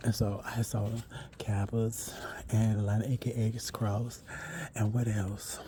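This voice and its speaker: A man telling a long, rambling personal story in a chatty way, with asides and self-corrections, sometimes dropping to a hush. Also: lowish voice, flat delivery, measured pace, slight background noise.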